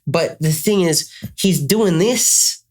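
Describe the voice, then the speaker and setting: A man's voice: fairly high pitch, slow pace. A man with an Australian accent telling a rambling comic story in a casual chat, full of restarts.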